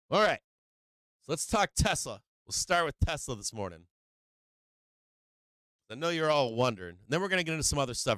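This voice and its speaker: A male stock market show host talking brash, profane, emphatic market commentary on a live stream, moving between loud emphasis and low, quieter explaining. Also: smooth, no echo.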